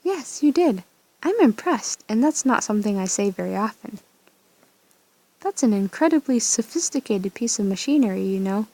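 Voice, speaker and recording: A woman voicing an older male inventor in a story game, measured and slightly wry. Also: medium pitch, animated, dark tone. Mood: impressed.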